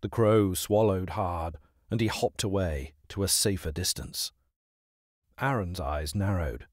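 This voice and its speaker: A man narrating a dramatized children's audiobook in an expressive, unhurried way. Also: low-pitched, breathy edge, dry recording, studio quality.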